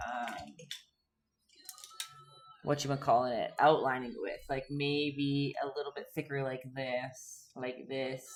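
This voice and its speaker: A woman's voice: deep voice, a little hiss or hum. A young woman teaching a painting lesson on a live stream, chatty and playful, reading out viewers' chat and giggling often.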